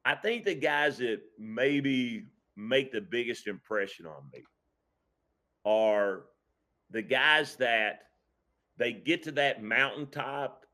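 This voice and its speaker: A man who coaches high school football, speaking casually on a podcast, reflective and earnest, often restarting his sentences. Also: pushed and bright. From Kentucky.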